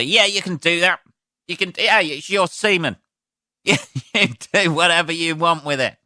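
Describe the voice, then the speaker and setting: A man's voice: mid-range voice, moderate pace, bright, forceful tone, no echo, clean studio sound. A man hosting his own podcast, rambling and swearing casually, sniffly from sneezing, laughing at his own jokes. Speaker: podcast host. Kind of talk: casual solo podcast rant.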